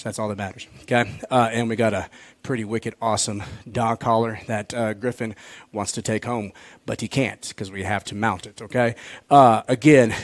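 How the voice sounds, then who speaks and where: A man's voice: on the low side, no room sound. Joking folksy man host. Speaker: host of a school sports show. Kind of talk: casual joking interview.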